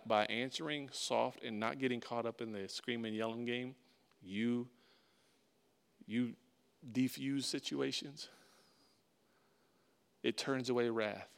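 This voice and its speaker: Pastor, male, preaching voice; drops low and soft, then rises loud and ringing, repeats himself for emphasis. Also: gravelly. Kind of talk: sermon.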